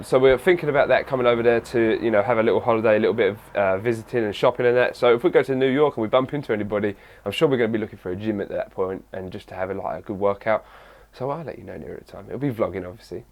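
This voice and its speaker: A man's voice: lowish voice, a little mellow. A young man with a fitness channel, rambling and joking through a casual question-and-answer vlog. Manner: rambling, jokey, says "brother" and "man" a lot. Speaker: fitness YouTuber.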